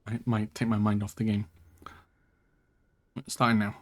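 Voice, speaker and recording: A man's voice: fairly low pitch, flat delivery, moderate pace. A man hosting a let's play, commenting as he plays, swearing a lot and muttering in exasperation, with chatty asides to the viewer. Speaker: gaming channel host.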